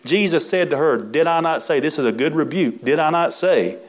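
A man's voice: fairly high pitch, animated. Folksy preacher man drawing out words. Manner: folksy, emphatic, drawn-out words with asides to the congregation. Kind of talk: sermon reading and expounding scripture.

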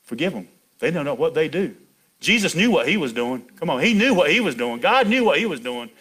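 A man's voice: a little high, very animated, a little fast, a bit bright, slightly rough. A middle-aged man preaching a folksy sermon, chatty and laughing, calling out to people in the pews by name.

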